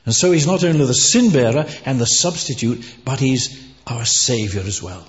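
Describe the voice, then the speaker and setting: A man's voice: medium pitch, big pitch swings, moderate pace. A man preaching a sermon, earnest and emphatic, lifting his voice on key words. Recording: dull, echoey hall recording.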